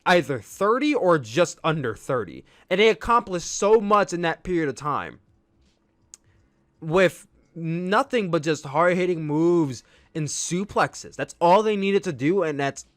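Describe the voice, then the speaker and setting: A man giving a casual, rambling solo review of a wrestling match, enthusiastic and prone to excited outbursts. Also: fairly high pitch, unhurried, no room sound, studio quality.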